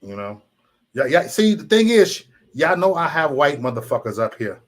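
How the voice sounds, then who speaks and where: A man's voice: on the high side, sing-song, moderate pace. A man hosting a livestream, ranting heatedly at his chat with lots of profanity and repetition. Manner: profane, heated, repeats himself. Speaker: livestream host. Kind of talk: casual livestream rant to chat.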